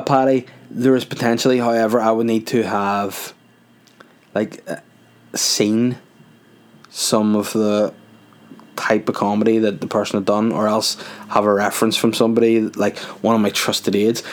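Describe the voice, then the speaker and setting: A man's voice: on the low side, level tone, normal speed. A man hosting a podcast in a casual, rambling comedic monologue, full of "like" and swearing. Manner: rambling, jokey, with frequent swearing and "like". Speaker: podcast host and comedy club runner.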